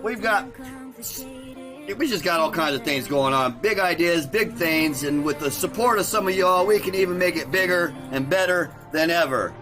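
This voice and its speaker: A man's voice: fairly high pitch, moderate pace, over music. A man hosting a casual livestream, rambling, repeating himself and trailing off as he talks. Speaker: livestream host.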